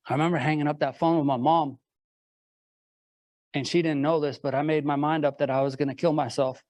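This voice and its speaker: A man's voice: on the high side, steady tone, fairly quick, long pauses, darkish tone, no room sound. A man giving a motivational talk, telling his own story earnestly to a live audience and building it up with repeated rhetorical questions. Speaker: motivational speaker.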